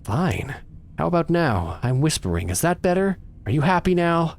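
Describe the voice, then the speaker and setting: Testy, confused game heroine, voiced by a male streamer, lively pitch. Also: moderate pace. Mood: exasperated. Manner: exasperated, questioning. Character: bewildered, testy young woman heroine.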